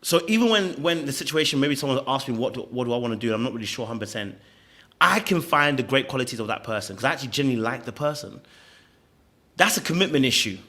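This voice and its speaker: A man's voice: mid-range voice, animated, fast, pushed and bright. A man, hosting a podcast and giving emphatic, opinionated commentary full of stammering restarts. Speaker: podcast host reacting to clips.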